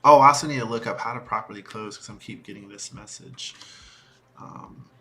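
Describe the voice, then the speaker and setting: Quiet, gravelly-voiced man streaming his coding. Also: mid-range voice. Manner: quiet, halting, talking to himself while working. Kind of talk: casual coding study stream. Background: soft music and keyboard typing.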